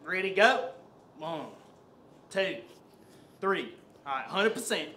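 A man's voice: sits high, lively intonation, slow, sharp tone, a little hiss or hum. A young man coaching a workout in a garage gym, teasing his athletes, laughing and calling out rep counts. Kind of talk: casual workout banter. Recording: other people talking nearby.

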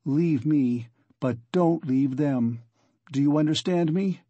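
A man's voice: on the high side, takes it slowly, warm tone, no room sound, muffled recording. A man voicing a feverish, withdrawn young man who speaks in a strained, pleading way. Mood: insistent.

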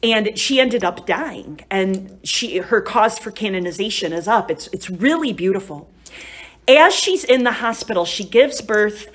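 A woman's voice: mid-range voice, expressive, a little slow, fairly bright tone. A woman giving a live retreat talk to a group, telling stories in a chatty, conversational way and often asking "right?" and "you know?". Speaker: retreat speaker.

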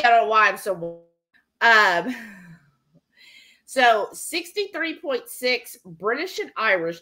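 A woman with a high-leaning, sharp-toned voice hosts a live cooking stream from her home kitchen. She chats and rambles, packing in fillers while reading viewer comments aloud.

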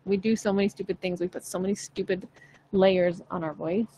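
Woman, young adult, voice teacher, chatty, frank, playful, middle pitch, faint hiss. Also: fairly even intonation, fairly quick, dark tone, rough recording. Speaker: singing teacher. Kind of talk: casual livestream voice lesson.

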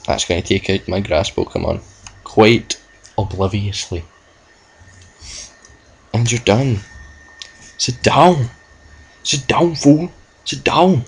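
A man's voice: on the low side, creaky, rough recording. A young man giving rambling, self-mocking commentary over a video game playthrough, cursing at the game now and then. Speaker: gamer. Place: at home with a laptop.

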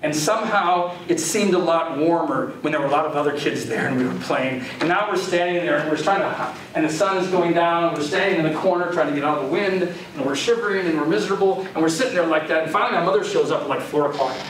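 A man's voice: on the high side, fast, few pauses, fairly bright tone. An older man from the Chicago area giving a lecture, telling anecdotes in a conversational, self-deprecating way. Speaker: guest lecturer. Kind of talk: storytelling lecture. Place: lecture hall. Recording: echoey hall from far off, faint hiss.

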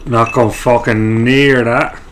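A man at the controller of a video game, chatting casually and swearing freely as he plays. His voice is mid-pitched, and faint noise sits under it. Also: steady tone, slow pace, fairly bright tone. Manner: swears a lot, bemused. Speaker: co-host playing the game. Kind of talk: casual let's-play commentary.

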